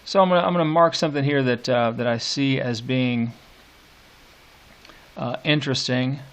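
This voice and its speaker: A middle-aged man teaching literature, reading poetry aloud slowly and annotating it, with hesitant fillers. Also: mid-range voice, a bit bright. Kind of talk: lecture with poem reading.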